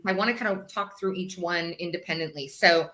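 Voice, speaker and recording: A middle-aged woman hosting a podcast, chatty and quick to laugh. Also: lowish voice, bright, forceful tone. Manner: chatty, laughs easily, restarts often. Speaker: podcast host. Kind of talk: casual chat.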